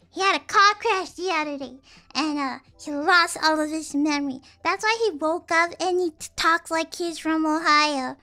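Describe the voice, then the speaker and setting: A woman's voice: extremely high pitch, pushed and bright. A young woman streamer chatting casually, rambling and giggly with many restarts. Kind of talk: casual chat.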